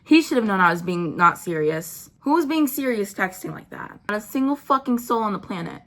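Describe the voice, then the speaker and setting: A woman's voice: mid-range voice, very animated, a little fast, fairly bright tone. A young woman telling a story in a blunt, sarcastic way, swearing often, while doing her makeup at home. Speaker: beauty vlogger. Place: at home indoors.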